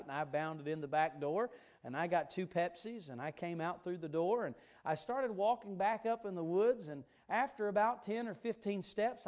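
A man preaching a sermon in an auditorium, telling a folksy personal story and rising into emphatic bursts. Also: sits high. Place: auditorium before an audience.

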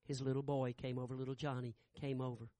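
A man's voice: mid-range voice, level tone, fast, warm tone, no echo. A man preaching a sermon, telling a story in a folksy, conversational way.

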